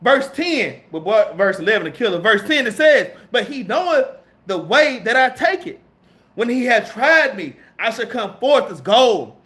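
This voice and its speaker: A man with a strikingly high voice preaches to his class in loose, everyday slang. He reads scripture aloud and then riffs on it, tagging "man" and "all right?" onto nearly every sentence. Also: sing-song, normal speed, sharp tone. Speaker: preacher teaching a Bible class. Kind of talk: street-style sermon.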